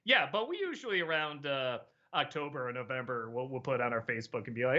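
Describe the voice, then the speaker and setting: A man's voice: mid-range voice, big pitch swings, fast talker, hardly any pauses, lo-fi sound, background noise. A middle-aged man answering viewer questions in a casual livestream chat, rambling, laughing often and swearing freely.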